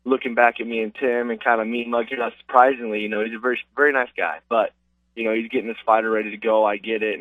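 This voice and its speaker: A man's voice: medium pitch, no echo. A man, an MMA fighter, telling stories casually over the phone with lots of fillers. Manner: casual, rambling with many fillers. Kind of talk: phone interview storytelling. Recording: distant tinny phone line.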